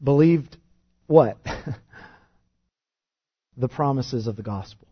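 A man preaching a sermon, rising loud and fervent when reading scripture and dropping to a soft, quiet tone when explaining it. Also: mid-range voice, slow pace, slightly rough, highs cut off. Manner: impassioned, swells loud on scripture then drops soft. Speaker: pastor.

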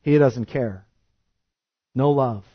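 A man preaching a sermon with passion, firing rhetorical questions and swinging from quiet to loud. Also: medium pitch, slow, breathy edge, no echo, lo-fi sound. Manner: impassioned, rhetorical questions, wide swings of loudness. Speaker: pastor.

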